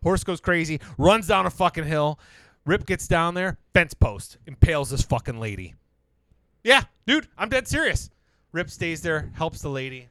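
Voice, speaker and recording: A man in casual podcast chat, retelling a show's plot with lots of swearing and excited jumps in his voice. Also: moderate pace, no room sound. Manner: animated storyteller, swears a lot, jumps high when excited. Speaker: podcast co-host.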